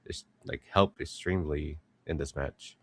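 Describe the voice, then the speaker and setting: A man analysing an esports match in casual chat, speaking haltingly with many fillers. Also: very deep voice, fairly bright tone, breathy edge.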